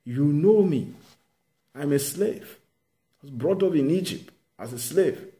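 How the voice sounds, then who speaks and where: A man's voice: a little high, animated, measured pace, dark tone, pitched above the performer's own voice. A man preaching, voicing Moses as a self-doubting man who stammers and protests that he is not fit for the task. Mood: pleading. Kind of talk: sermon with acted quotes.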